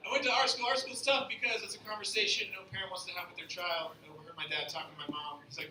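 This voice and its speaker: Young man, American accent, high voice, profane self-mocking stand-up, echoey room, far from mic. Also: fairly even intonation, fast talker, a crowd in the background. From Australia. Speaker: stand-up comedian. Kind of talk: stand-up comedy set. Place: beer garden venue. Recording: echoey, distant mic, noisy ambience.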